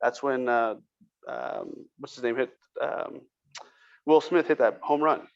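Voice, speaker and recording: A man's voice: medium pitch, a little slow, creaky, lo-fi sound. A man co-hosting a podcast, telling a long, rambling story in casual chat and cursing freely. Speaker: podcast co-host.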